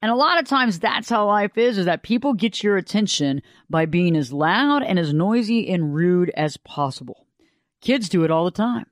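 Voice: mid-range voice, animated, moderate pace, dry recording, studio quality. A radio talk show host, delivering a folksy, conversational monologue.

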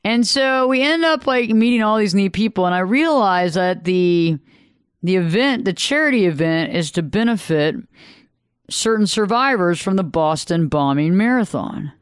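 A male radio host with a fairly high, smooth voice tells a long story in a loose, chatty way. He often restarts his sentences and acts out what others said. The sound is dry and close, with no room around it. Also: normal speed, no room sound. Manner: animated, chatty, frequent restarts and acted-out quotes. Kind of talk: storytelling monologue.

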